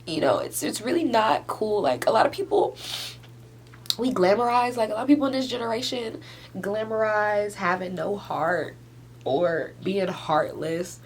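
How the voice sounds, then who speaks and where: A young woman in her twenties crying softly through a rambling confessional vlog at home, filling every pause with "like" and breaking into teary laughs. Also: mid-range voice, animated, slight background noise. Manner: rambling, heavy use of "like", tearful laughs. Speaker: vlogger. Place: at home doing a face mask.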